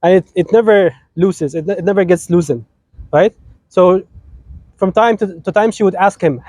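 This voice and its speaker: A man with an Egyptian accent gives an informal, joking wedding sermon. His voice sits high for a man and has a dark, mellow tone. The sound is dry, with no room echo, and he keeps checking in with "right?". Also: normal speed. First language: Arabic. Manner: chatty, teasing, keeps asking "right?". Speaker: officiant giving a wedding talk.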